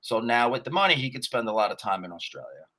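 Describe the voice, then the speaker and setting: Relaxed man explaining golf news. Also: medium pitch, fast talker. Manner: relaxed, informative, dry jokes. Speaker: golf podcast guest. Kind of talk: casual podcast chat.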